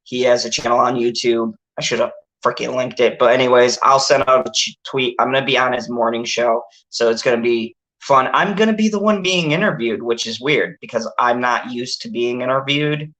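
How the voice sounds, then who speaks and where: A man's voice: medium pitch, steady tone, a little fast, a bit bright, low-quality recording. A man hosting a casual movie review chat, rambling and laughing with plenty of filler words. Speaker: channel host.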